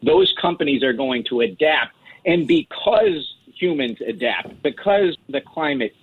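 A man's voice: mid-range voice, animated, a little slow, breathy edge. A man chatting casually as a guest commentator, talkative with many restarts and fillers. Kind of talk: casual chat. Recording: lo-fi phone line.

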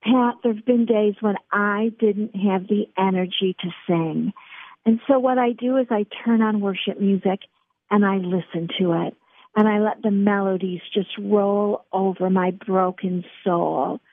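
A woman's voice: medium pitch, measured pace, no room sound. A middle-aged woman guest on a faith radio interview, speaking earnestly and encouragingly to the host. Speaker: author and guest. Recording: tinny phone line.

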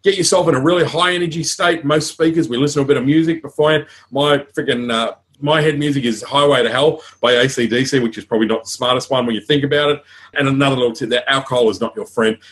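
Energetic Australian man coaching speakers. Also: mid-range voice, quick pace. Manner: frank, energetic storytelling with asides. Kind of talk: conference talk.

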